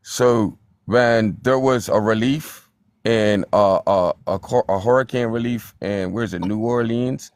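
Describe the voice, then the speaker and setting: A Bermudian-accented man calls in, speaking calmly and measuredly in a lowish voice with frequent fillers. The sound is dry and close. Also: no echo. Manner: calm and measured, hesitant with fillers. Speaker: caller. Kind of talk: call-in discussion.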